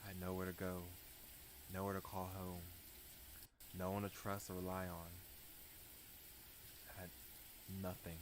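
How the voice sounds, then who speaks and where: A male streamer reading a dark visual novel aloud in a slow, soft-spoken, dramatic way, with his own commentary. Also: deep voice, monotone, noisy background. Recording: background music under voice.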